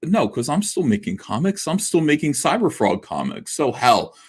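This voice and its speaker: A man's voice: a little high, sing-song, moderate pace, breathy edge. A man in his forties hosting a casual livestream, rambling and self-mocking, with many filler words and restarts as he reads viewer comments. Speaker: livestream host.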